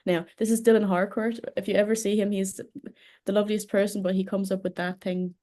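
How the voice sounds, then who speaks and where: A woman's voice: medium pitch, level tone, fairly quick, dark tone. A German woman whose first language is German, speaking English with an Irish-tinged accent, chatting as an interview guest who laughs easily and jokes about herself. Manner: laughs easily, self-deprecating. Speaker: guest, speech and language therapist. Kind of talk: casual interview chat.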